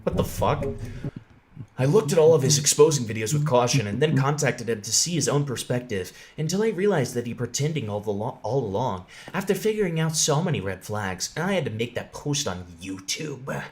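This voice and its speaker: A young man riffs through a reaction commentary, sarcastic and quick to swear, breaking into laughs between lines. His pitch sits mid-range for a man, and faint music plays underneath. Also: big pitch swings, a little mellow. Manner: sarcastic, profane, often laughing. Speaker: commentary video host.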